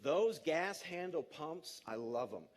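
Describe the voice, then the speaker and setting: A man in his fifties giving a lively, jokey conference talk to an audience in a large auditorium, coaxing the crowd along. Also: on the high side, slow. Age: 50s. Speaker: speaker.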